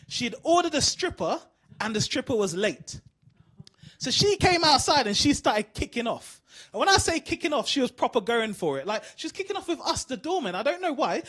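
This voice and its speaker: Man from the uk, stand-up comedian, very high voice, bright tone, animated. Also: a little fast. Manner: animated storytelling, asks the crowd. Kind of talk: stand-up routine.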